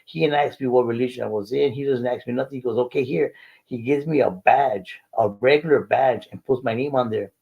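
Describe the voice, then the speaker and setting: A man's voice: medium pitch, brisk, gravelly, slightly rough, dull audio. An older man, telling a faith testimony in an interview and acting out the dialogue earnestly. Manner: earnest storytelling, acts out dialogue. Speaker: guest.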